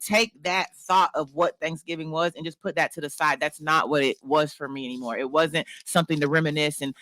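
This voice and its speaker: A man's voice: a little high, fairly even intonation, fairly quick, sharp tone, no echo. A man, a guest on a casual radio talk show, speaking openly and reflectively, sometimes blunt and profane. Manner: open, reflective, blunt with swearing.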